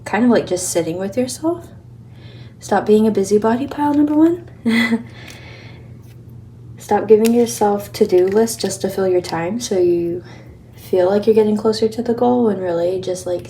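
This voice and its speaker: A woman's voice: mid-range voice, warm tone. Young woman, tarot reader, out of breath, chatty, encouraging, faint background hiss. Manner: chatty and encouraging, laughs often. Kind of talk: casual pick-a-pile tarot reading.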